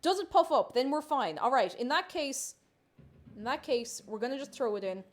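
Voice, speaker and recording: Her voice is high with lively intonation and a moderate pace as she giggles and chats on a casual cooking livestream. Cooking at home, she greets her viewers by name.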